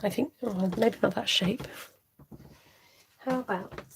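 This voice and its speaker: A woman's voice: mid-range voice, slow pace, vocal fry, a little hiss or hum. A woman hosting a live crafting stream, thinking aloud, humming and chatting with viewers.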